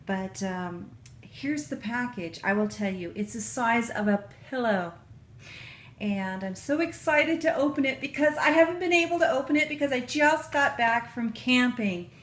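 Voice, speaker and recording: A woman vlogging an unboxing at home, gushing and emotional, with drawn-out breathy exclamations. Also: medium pitch, slight background noise, rough recording. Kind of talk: casual unboxing vlog. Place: home kitchen counter. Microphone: camera on tripod.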